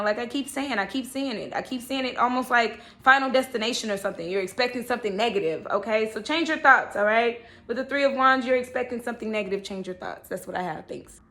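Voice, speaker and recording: A woman's voice: a little high, sharp tone. A woman giving a casual, chatty tarot reading, often checking in with "okay" and "all right". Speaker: tarot reader.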